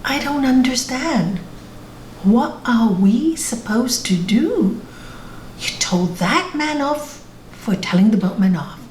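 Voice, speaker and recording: A woman's voice: on the high side, expressive, takes it slowly, a little mellow, a little hiss or hum. A woman voicing a bewildered male disciple who pleads with rising questions, in an echoey room over a video call. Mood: confused.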